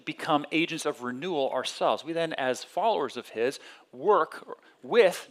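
A man delivering a conversational sermon, often restarting phrases and swinging from loud, high emphasis to low, quiet tones. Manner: conversational preaching with many restarts and sudden rises in pitch and volume. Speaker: pastor.

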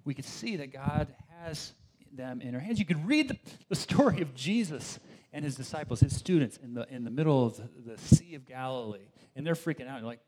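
A man preaching a sermon in a relaxed, conversational way, with asides to the congregation and quoted voices. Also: medium pitch, a little fast, few pauses. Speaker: pastor.

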